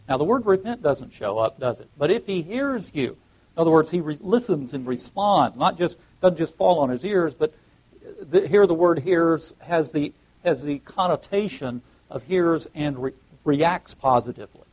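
A man's voice: fairly high pitch, animated, normal speed, a little mellow, slightly rough, rough recording. A man preaching a sermon and reading scripture aloud, often restarting his phrases and rising emphatically on key words.

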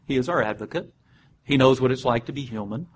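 A man's voice: mid-range voice, slight background noise. Man teaching a Bible study, easygoing. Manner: unhurried, explains step by step, spells out words, with frequent "uh" and restarts.

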